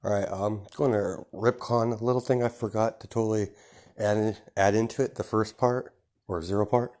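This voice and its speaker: Rambling low-voiced young man telling a story. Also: fairly even intonation, moderate pace, darkish tone. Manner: rambling, full of "you know" and "um", chuckling. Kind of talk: improvised fan fiction narration.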